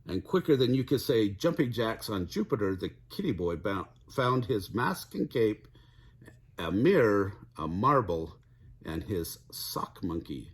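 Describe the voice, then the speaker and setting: Husky-voiced grandpa reading a storybook. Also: male voice, lowish voice, very animated, measured pace. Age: older. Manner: chuckles while reading, occasional stumbles. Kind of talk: storybook read-aloud.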